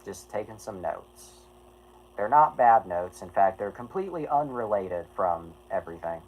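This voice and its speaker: A man's voice: fairly low pitch, lively intonation, normal speed, dull audio, a little hiss or hum. A man chatting casually on a livestream, rambling and apologetic, who swears and keeps restarting his sentences. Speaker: streamer.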